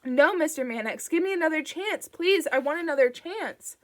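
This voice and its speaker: A woman doing a shrill, desperate begging man. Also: lively intonation, moderate pace. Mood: desperate pleading. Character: desperate pleading grown man, childlike.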